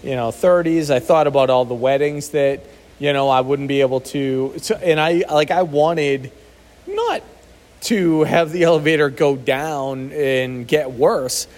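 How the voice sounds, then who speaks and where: A man's voice: a little high, unhurried, a little mellow. A man co-hosting a casual podcast, speaking candidly and reflectively, sometimes searching for words. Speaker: podcast co-host. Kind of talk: casual recovery podcast chat.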